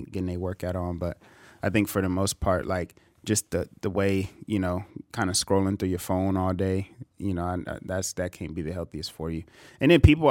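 A man co-hosting a casual podcast chat, easygoing, filling his talk with "you know", and trailing off quietly. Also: deep voice, no room sound, studio quality.

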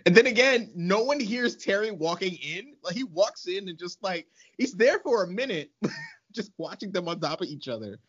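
Guy cohosting a podcast, laughs a lot, voice bouncing all over, kinda higher, muffled lo-fi sound. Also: normal speed, husky. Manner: laughs often, animated and exasperated. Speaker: podcast co-host. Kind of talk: casual chat.

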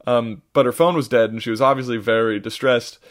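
A man's voice: medium pitch, steady tone, fairly quick. A man on a podcast telling a long travel story in casual chat, rambling with many fillers and restarts, sounding tired. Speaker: podcast co-host.

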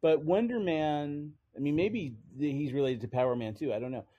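A man's voice: a little high, moderate pace, dark tone, dull audio. A man co-hosting a chat show, explaining comic book history and trivia in a casual, slightly hesitant way. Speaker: podcast co-host.

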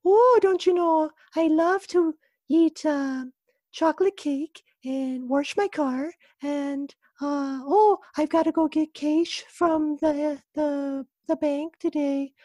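A man voicing a sweet, innocent Midwestern mom in a high falsetto, singsong and carefree. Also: slow pace, mellow, dry recording, clean studio sound.

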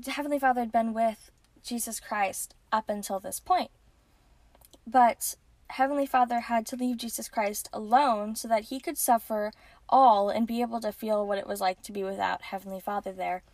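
Earnest woman teaching with a high-pitched voice. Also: no room sound. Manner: earnest, with frequent ums and restarts. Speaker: podcast host. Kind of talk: casual religious teaching.

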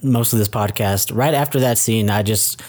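A laid-back man chatting on a film podcast, trading opinions with his co-host. He pauses on "uh" and laughs easily as he talks. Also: fairly low pitch. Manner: relaxed, hesitant, with "uh" fillers and laughs. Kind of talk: casual chat.

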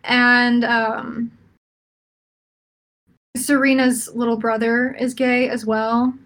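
A woman's voice: fairly high pitch, flat delivery, slow pace, fairly bright tone. A young woman in casual chat, chatty and opinionated, laughing often as she talks.

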